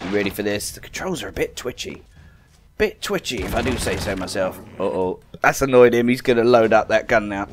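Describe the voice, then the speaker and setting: Excitable gamer, lively pitch. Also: male voice, a little fast, background noise. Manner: excitable, self-mocking, talks to viewers. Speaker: gaming video host. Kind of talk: casual game commentary.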